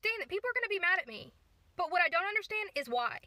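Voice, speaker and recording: A woman's voice: extremely high pitch, sing-song, very fast, pushed and bright, no room sound. A woman talking casually to her viewers, indignant and rambling, often restarting her sentences. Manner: indignant, rambling, self-correcting. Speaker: political vlogger. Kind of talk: casual talk to camera.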